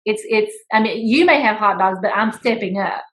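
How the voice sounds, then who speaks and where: A woman co-hosting a casual chat, telling a story with playful teasing and an animated delivery. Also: mid-range voice, moderate pace, low-quality recording. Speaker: school principal, podcast co-host.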